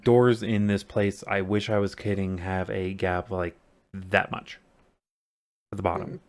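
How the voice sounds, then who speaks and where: Low-voiced man running a tabletop game. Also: flat delivery, unhurried. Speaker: game master. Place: home room.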